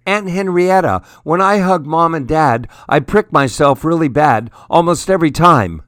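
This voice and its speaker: A tiny hedgehog boy, cheerful but worried, asks his questions earnestly in a raised, lively voice, as a man puts him on. The sound is dry and close for a storybook reading. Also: a little high, normal speed, no room sound, pitched above the performer's own voice.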